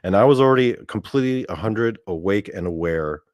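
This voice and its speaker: A man's voice: on the low side, animated, a little fast, a little mellow, dry recording, lo-fi sound. A man hosting his own podcast, telling a first-person story in a casual, rambling way, with plenty of swearing, fillers and restarts. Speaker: podcast host.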